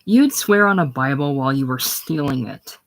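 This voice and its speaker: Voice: mid-range voice, animated, normal speed, close to an everyday voice. A reader voicing a proud, bitter young farm woman in a casual play reading, speaking hard and grim. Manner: hard and grim, with soft crooning moments.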